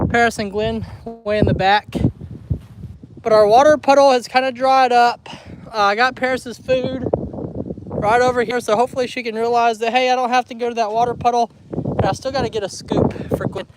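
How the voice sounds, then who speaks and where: A man with a notably high voice and a drawl talks loosely to his viewers, coaxing his animals along and fighting back tears now and then. The sound has the open air of a rural yard, with clear background noise over an outdoor phone recording. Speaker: homestead vlogger on a livestream. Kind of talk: casual livestream chat.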